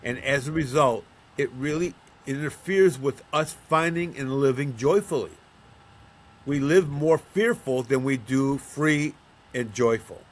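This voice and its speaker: A counselor of men from Buffalo, New York, middle-aged or older, talks at a measured pace in a mid-range voice. He's being interviewed conversationally and brings his stories to life by acting out the quoted voices.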